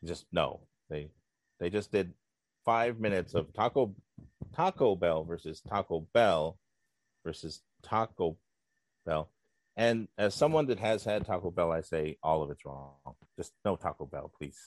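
A man's voice: deep voice, expressive, moderate pace, a little mellow, no echo. A man hosting a podcast, recapping segments in a dry, rambling casual chat. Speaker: podcast host.

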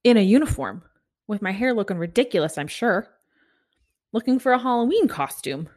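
A woman in her thirties hosting a solo podcast, telling a story in a breathless, animated way. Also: mid-range voice, moderate pace. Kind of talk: casual storytelling monologue.

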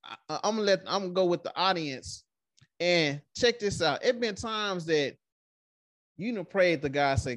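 Animated man hosting a faith podcast. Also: high voice, moderate pace, no echo, clean studio sound. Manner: animated, fills sentences with "man", preacherly emphasis. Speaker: podcast host. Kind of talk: casual faith podcast chat with prayer and scripture reading.

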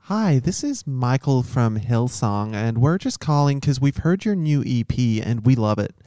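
A man's voice: medium pitch, big pitch swings, unhurried, very noisy. A man voicing a camp male church caller with an American accent, leaving a sugary, over-polite voicemail. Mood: syrupy.

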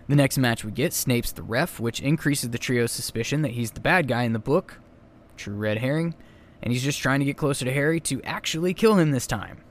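Rambling, chatty man podcasting solo. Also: mid-range voice. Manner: chatty, rambling, self-correcting asides. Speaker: podcast host. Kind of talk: casual solo podcast commentary.

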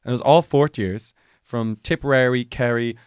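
A young Irish man co-hosting a casual podcast chat, telling stories and acting out exchanges in bright high voices. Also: normal speed, smooth, dry recording, clean studio sound. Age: young adult. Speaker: podcast co-host.

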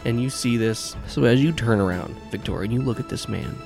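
A man's voice: medium pitch, a little fast, gravelly, over music. A man narrating a tabletop game as game master, rambling with many fillers and restarts.

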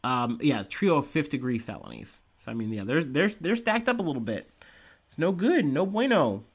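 A man's voice: medium pitch, big pitch swings, normal speed, husky. A man from Ohio, hosting a podcast and rambling through casual news commentary with lots of fillers and swearing. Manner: rambling, profane, with frequent fillers and laughs. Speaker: podcast host.

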